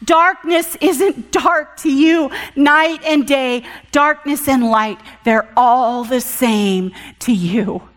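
A woman's voice: high-pitched, slow pace, hardly any pauses. Earnest woman preaching in a reverberant hall. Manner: earnest, emphatic, swings from loud to hushed. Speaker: guest speaker at church session. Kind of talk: sermon with personal testimony. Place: church hall.

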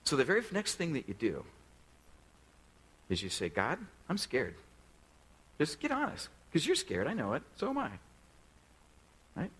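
A husky-voiced man preaching a sermon, his pitch rising and falling in a lively sweep. As pastor he talks conversationally and keeps turning questions straight to the congregation. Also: normal speed, long pauses, poor audio.

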